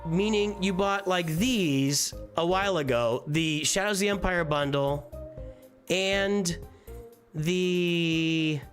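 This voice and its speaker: A man's voice: sits high, slow, fairly bright tone, soft background music. A man casually reviewing a viewer's game roster on a live stream, rambling and easily distracted. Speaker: gaming streamer.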